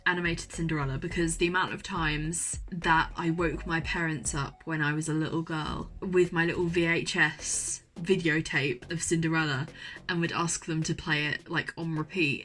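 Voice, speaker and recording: A woman's voice: low voice, steady tone, normal speed, fairly bright tone. Gushing young woman vlogging from her room. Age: young adult. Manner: gushing and enthusiastic, repeats herself. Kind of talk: casual chat to camera. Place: university bedroom.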